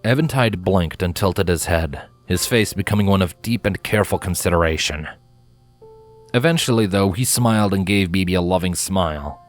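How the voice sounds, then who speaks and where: A man reading fanfiction aloud in an expressive storytelling manner. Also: deep voice, normal speed. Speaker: fanfiction reader. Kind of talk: audiobook narration. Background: faint guitar music.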